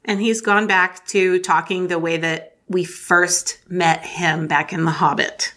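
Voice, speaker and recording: Lower-voiced woman chatting about a book. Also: a little slow. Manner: animated, reads passages aloud. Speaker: podcast co-host. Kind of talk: casual book discussion.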